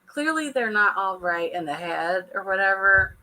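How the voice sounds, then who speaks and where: A woman's voice: medium pitch, animated, moderate pace, pushed and bright, poor audio. A woman, chatting casually and laughing often as she reacts to a show for her viewers. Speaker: reality TV reaction vlogger.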